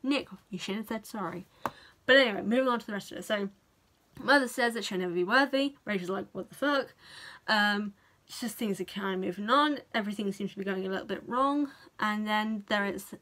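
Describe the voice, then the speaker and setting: A young woman with a British accent recaps a film for her vlog in an easy, chatty way. Her voice sits at an ordinary middle pitch, and she keeps the telling animated and unfiltered, swearing freely as she goes. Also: a little fast. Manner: chatty and animated, swears freely, playfully acts out characters' reactions. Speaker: vlogger. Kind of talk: casual film review.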